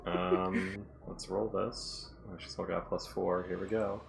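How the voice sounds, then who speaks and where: A man's voice: deep voice, flat delivery, unhurried, vocal fry, a little hiss or hum. A man running a tabletop game as game master, chatting casually in a rambling, self-deprecating way.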